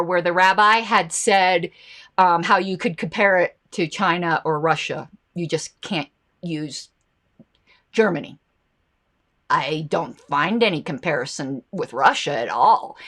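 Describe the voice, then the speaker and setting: A woman's voice: mid-range voice, sharp tone. A woman hosting a political commentary show, talking casually and reacting to viewer comments and ads. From United States.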